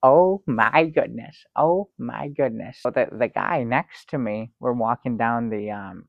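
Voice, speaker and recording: Playing an excitable, fussy guest on a talk show, a man tells an improvised comic travel story in a mid-pitched, gravelly voice, unhurried and rambling. He stalls before breaking into theatrical exclamations. The audio sounds slightly dull and lo-fi, dry with no room echo.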